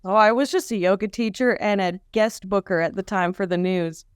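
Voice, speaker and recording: A woman as a guest on a comedy chat, talking calmly and gently evading questions. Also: mid-range voice, fairly quick, clear, resonant tone, no echo, studio quality. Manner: calm, gently evasive.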